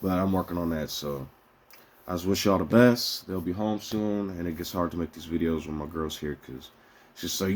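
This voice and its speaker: A man venting casually to his viewers in a profane, rambling way, swinging between heated outbursts and quieter musings. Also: low-pitched, a little hiss or hum. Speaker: vlogger. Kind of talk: casual rant to camera.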